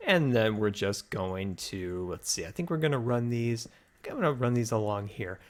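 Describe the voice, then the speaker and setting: A man's voice: fairly low pitch, lively intonation, moderate pace. A man hosting a building-game video, chatting upbeat and thinking aloud as he plays, a little out of breath. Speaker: host. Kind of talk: Minecraft let's play commentary.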